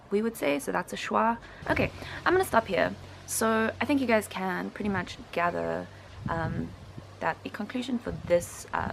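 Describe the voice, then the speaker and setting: A young South African woman with a lowish, gravelly voice explains accent features in a reaction video. She is analytical but hesitant, filling her pauses with ums. A faint background noise sits under her voice. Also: fairly bright tone. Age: 20s. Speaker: linguistics student and video host.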